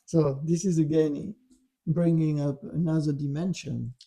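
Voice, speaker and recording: Gravelly-voiced man telling a spiritual story. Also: on the high side, a little slow. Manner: relaxed, with frequent "you know" and "right". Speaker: storyteller guest.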